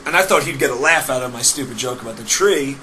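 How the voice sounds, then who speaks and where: A man hosting a podcast, telling an animated story in casual chat and swearing freely. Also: medium pitch, fast talker, crowd noise, rough recording. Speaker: podcast host.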